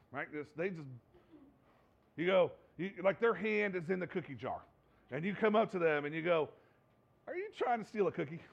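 A male pastor preaches with a notably high voice, throwing rhetorical questions at his listeners. He slips into voices to act out everyday scenes. The recording sounds dull and muffled. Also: gravelly. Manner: animated, rhetorical questions, acts out quoted voices. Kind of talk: sermon.

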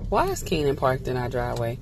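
A woman's voice: a bass voice, huge pitch swings, quick pace, a little mellow. A woman hosting a casual, teasing chat from inside a car. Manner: playful, teasing. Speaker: vlog host. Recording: car road noise.

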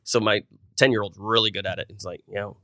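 A man's voice: lowish voice, steady tone, quick pace, pushed and bright, no room sound, studio quality. A middle-aged man, a podcast guest and business owner, telling personal stories in an earnest, rambling way with many restarts. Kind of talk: casual conversational interview.

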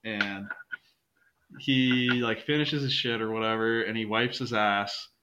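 A man's voice: lowish voice, fairly even intonation, a little slow, sharp tone, dull audio, a little hiss or hum. A young man guesting on a casual podcast, a rambling storyteller who swears a lot.

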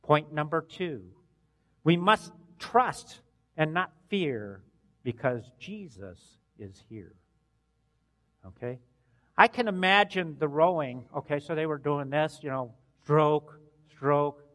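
A pastor delivering a sermon, his voice sitting a little high for a man. He preaches earnestly, rising to loud bursts and falling to hushed endings. The sound carries a long reverb, as in a church hall. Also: expressive, slow.

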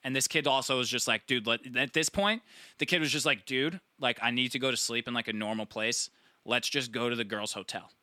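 A man's voice: mid-range voice, a little fast, dry recording. A young man telling a long, profane party story in casual chat, acting out his friends' lines. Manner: rambling, profane, animated storytelling; acts out friends' voices.

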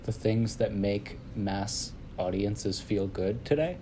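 A man's voice: on the low side, slow pace, warm tone, a little hiss or hum. A man co-hosting a podcast, talking in a casual, rambling way with lots of fillers and restarts. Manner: rambling, hesitant, many fillers. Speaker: podcast co-host. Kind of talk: casual chat.

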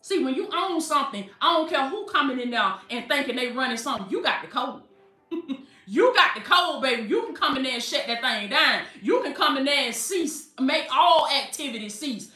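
A high-voiced woman preacher, animated and laughing as she preaches. Her voice sounds bright and echoey, picked up from a distance with faint music underneath. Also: fairly quick. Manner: animated, calls listeners baby, laughs often. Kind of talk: sermon.

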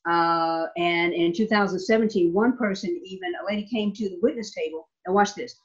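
This woman, a state legislator from Nevada, speaks briskly in a fairly low voice while recounting a story in an interview. Her delivery is emphatic, with repeated words and frequent "okay?" check-ins. Audio sounds slightly dull and lo-fi.

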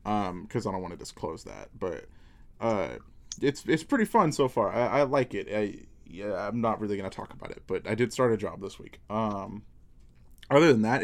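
A man's voice: on the low side, animated, a little fast. A man hosting a podcast in casual chat, swearing a lot and laughing often. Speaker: podcast host.

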